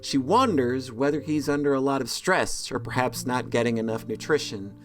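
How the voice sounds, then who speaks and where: A man's voice: mid-range voice, moderate pace, a bit bright, soft background music. Sarcastic man reading a game aloud. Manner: sarcastic, joking asides. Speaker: let's play host.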